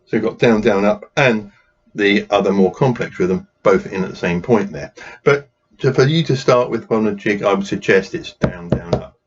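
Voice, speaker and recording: An English man runs a drumming workshop, patiently explaining rhythms and counting beats out loud as he plays. His voice is fairly low and his speed normal, and the recording is dull, lo-fi, and noisy.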